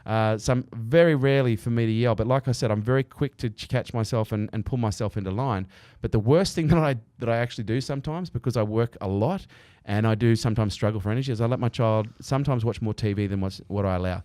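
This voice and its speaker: Brief: male podcast guest, rapid and earnest, swears casually, dry close sound. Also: medium pitch, warm tone, dry recording. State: he is a parent. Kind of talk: candid conversational interview.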